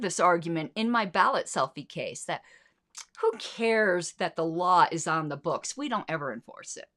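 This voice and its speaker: Indignant woman host with a lowish voice. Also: animated, moderate pace, fairly bright tone. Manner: indignant, sarcastic, swearing. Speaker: podcast host. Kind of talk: opinionated solo commentary.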